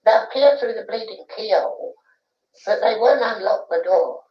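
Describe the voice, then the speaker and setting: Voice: medium pitch, lively intonation, moderate pace, close to an everyday voice. A medium voicing the spirit of a young Cockney boy, preaching earnestly about human potential on an archival recording. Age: about 12 as played. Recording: roomy, dull archival séance tape.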